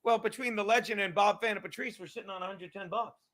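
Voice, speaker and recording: A middle-aged man hosting his own show, ranting in a loud, profane, excitable comedic monologue. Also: high-pitched, fast talker. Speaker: podcast host.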